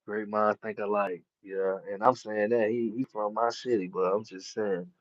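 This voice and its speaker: A man's voice: fairly low pitch, flat delivery, moderate pace, no room sound, muffled recording. A man chatting casually about boxing, heavy on street slang and profanity, laughing often. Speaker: boxing commentator. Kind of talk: casual chat.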